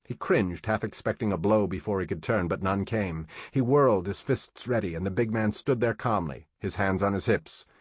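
A man narrating an audiobook in a steady, measured storytelling manner. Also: lowish voice, husky, no room sound.

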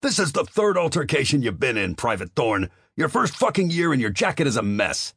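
A man voicing a furious male army commander who growls and shouts at a young soldier. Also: deep voice, expressive, normal speed, gravelly, husky, full character voice. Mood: yelling.

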